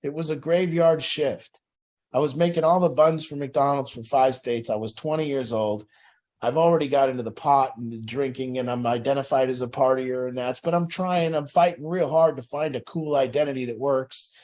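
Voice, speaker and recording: A middle-aged man speaks to a group in a blunt, profane way and mixes life lessons with a personal story. His voice sits at an ordinary pitch for a man. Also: fairly even intonation, normal speed, darkish tone. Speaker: recovery group leader.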